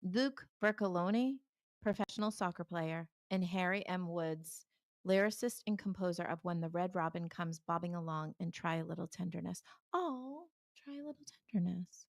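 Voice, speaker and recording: A woman's voice: fairly low pitch, steady tone, moderate pace, dry recording, studio quality. A woman co-hosting a real estate show, reading lists of names and stumbling now and then. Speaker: real estate podcast co-host. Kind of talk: casual chat.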